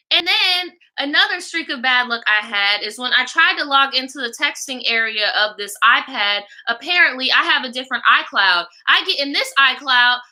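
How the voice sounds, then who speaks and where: A woman's voice: high-pitched, bright, forceful tone. A young woman hosting a livestream, telling a story in a casual, profane, exasperated rant. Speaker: livestream host.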